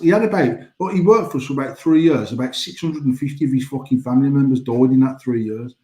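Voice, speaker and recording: A man, co-hosting a podcast and telling long, profane, animated stories in casual chat. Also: mid-range voice, fast talker, hardly any pauses, reverberant, low-quality recording. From England. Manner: swears a lot, animated storytelling. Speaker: podcast co-host.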